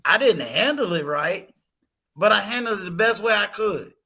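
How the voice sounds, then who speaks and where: A man's voice: high voice, lively intonation, moderate pace, gravelly, crowd noise. A man hosting a casual talk stream, telling a personal story with emphatic rhetorical questions. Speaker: host.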